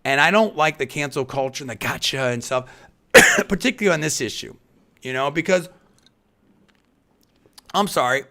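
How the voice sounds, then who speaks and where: A male talk radio host with a bright, forward voice, delivering a live monologue. He rambles through restarts and qualifiers, then drives his main points home with loud emphasis. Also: fairly high pitch, animated, moderate pace, pauses often. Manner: rambling, with frequent restarts and hedges; emphatic, punching key phrases louder.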